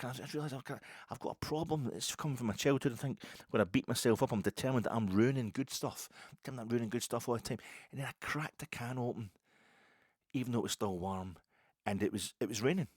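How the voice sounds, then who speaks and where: Husky fast-talking Scottish man. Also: medium pitch, no room sound, studio quality. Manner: rambling, chatty storytelling with many restarts. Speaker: podcast host. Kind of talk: casual podcast monologue.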